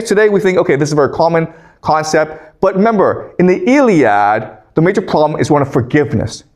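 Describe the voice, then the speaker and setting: A male lecturer giving a university lecture, reading scripture aloud and then paraphrasing it casually, checking in with his audience by asking "okay?" again and again. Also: on the high side. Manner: animated, checks in with "okay?" constantly.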